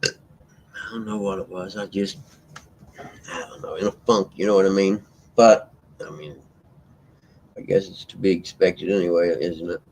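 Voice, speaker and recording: A man's voice: low-pitched, fairly even intonation, normal speed, pauses often, a little mellow, a little hiss or hum, low-quality recording. A man hosting a live stream, rambling in a laid-back way and chatting to viewers by name. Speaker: livestream host reading chat. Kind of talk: casual live-stream chat.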